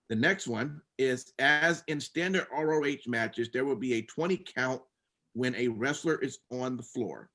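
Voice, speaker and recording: A man co-hosting a laid-back wrestling podcast, reading out rules and then drifting into loose, filler-heavy talk. His voice sits at an ordinary middle pitch for a man. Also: a bit bright. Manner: reads rules out then rambles with many fillers. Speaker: podcast co-host recapping wrestling. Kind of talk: casual podcast chat.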